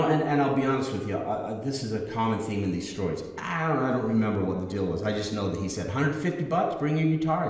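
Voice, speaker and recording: A middle-aged man, a musician hosting his own channel, tells a rambling gig anecdote in casual chat, restarting phrases and acting out the voices in his quotes. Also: on the low side. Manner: rambling, self-correcting anecdote with acted quotes. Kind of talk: casual storytelling to camera. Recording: very echoey room with long reverb.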